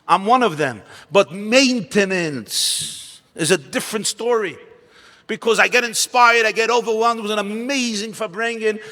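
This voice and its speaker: A man, a rabbi, telling a story at a gathering animated, dramatic delivery and sudden drops to hushed lines. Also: high-pitched. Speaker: rabbi giving a talk. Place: large ballroom. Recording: long hall reverb.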